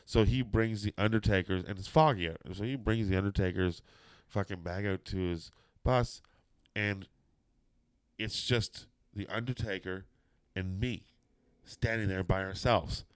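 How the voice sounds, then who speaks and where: Deep-voiced man telling a profane story. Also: unhurried, clear, resonant tone, no room sound, clean studio sound. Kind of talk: casual anecdote telling.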